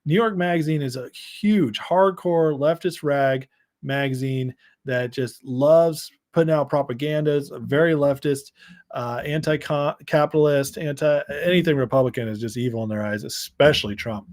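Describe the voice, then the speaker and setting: A man hosting a live political commentary stream, reading headlines and viewer comments with sarcastic asides and frequent laughs. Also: medium pitch. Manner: sarcastic, reads headlines and chat aloud, laughs often. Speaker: political commentary show host.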